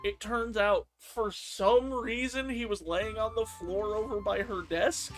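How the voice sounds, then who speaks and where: A man streaming a game, telling work stories in a casual, animated way and acting out his coworkers' lines. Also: high-pitched, measured pace, faint music behind. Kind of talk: casual storytelling on a live stream.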